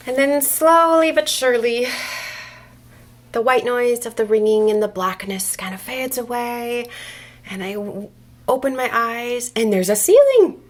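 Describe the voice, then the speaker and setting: A young adult woman telling a comic story, swinging between whispers and loud bursts with exaggerated delivery. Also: fairly high pitch. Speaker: comedian storyteller.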